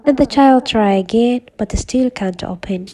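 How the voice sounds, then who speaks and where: A woman's voice: fairly high pitch, unhurried, mellow, low-quality recording. A woman narrating the story of a game in a plain retelling style, voicing the characters' lines herself. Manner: plain retelling with quoted dialogue. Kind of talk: storytelling over gameplay.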